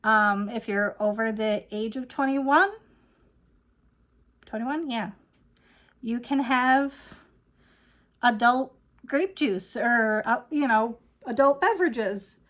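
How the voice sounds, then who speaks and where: This woman in her thirties has a fairly high, slightly bright voice and talks slowly with long pauses. She's a vlogger ranting casually to camera, rambling and laughing a lot as she goes.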